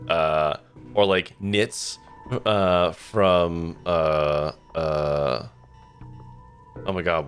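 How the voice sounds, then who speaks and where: A man's voice: low-pitched, a bit bright. A man streaming a game, chatting casually in a rambling way with lots of fillers. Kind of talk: casual let's-play commentary.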